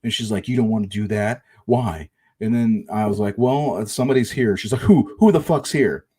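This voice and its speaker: A man's voice: on the low side, fairly even intonation, fairly quick, mellow, slightly rough. A middle-aged man casually telling a long personal story, rambling and swearing, with restarts.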